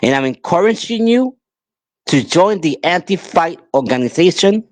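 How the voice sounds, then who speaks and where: Delivering an angry, emphatic monologue at normal speed, this male podcast host has a high, expressive voice. He keeps pleading with his listeners and going over the same points again, and the recording is dry.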